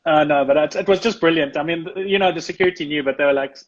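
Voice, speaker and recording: A man's voice: a little high, fast. South African man chatting over dull audio. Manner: chatty, laughs often, restarts sentences. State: coughing, clearing throat. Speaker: guest photographer. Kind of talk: casual live chat.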